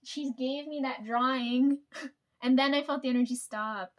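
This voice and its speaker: A woman's voice: high-pitched, steady tone, a little slow. A young woman telling rambling, profane work stories to the camera and laughing often. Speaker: vlogger. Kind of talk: casual storytelling.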